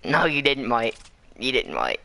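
A man with a bright, edgy voice taunts his opponents during a game, pushing a put-on Australian twang and tacking "mate" onto almost every line. He sounds crude and boastful, with nothing polished about the way he talks. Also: mid-range voice, huge pitch swings, measured pace. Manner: puts on a mock Australian accent, tacks "mate" onto lines. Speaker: gamer streamer. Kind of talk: profane trash talk while gaming.

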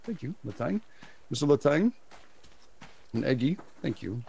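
A man's voice: mid-range voice, very animated, normal speed, creaky, dark tone, a little hiss or hum. A man chatting casually while playing a co-op survival game, stammering a little and laughing often. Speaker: game player. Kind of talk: casual co-op gaming chat.

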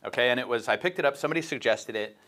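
A man's voice: mid-range voice, rapid-fire, a bit bright. A man hosting a casual morning talk show, rambling as he retells a book with lots of fillers and restarts. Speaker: show host.

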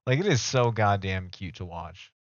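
A man's voice: low voice, expressive, moderate pace, dry recording. A young man streaming live, rambling casually and joking with his chat. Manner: rambling, self-mocking, talks to chat. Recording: dull dry home mic audio.

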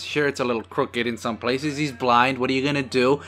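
Man, casual watch-along host, sarcastic, swearing, bright forceful tone, faint music under. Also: mid-range voice, fairly even intonation, moderate pace. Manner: joking, sarcastic, swears freely.

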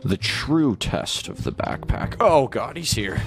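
A young man commentating an online game, his voice leaping around in pitch as he goes from hushed whispering to startled shouts. Faint game music plays underneath. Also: slow, creaky. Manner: animated, jumps between whispers and loud squeals. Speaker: gaming YouTuber. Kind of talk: excited gameplay commentary.

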